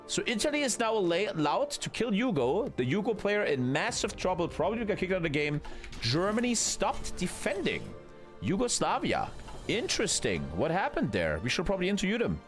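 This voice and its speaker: Animated, chatty man streaming a game. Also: high voice, a little fast, soft background music. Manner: chatty, swears freely, talks to chat. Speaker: streamer and caster of a multiplayer strategy game. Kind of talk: casual live-stream commentary.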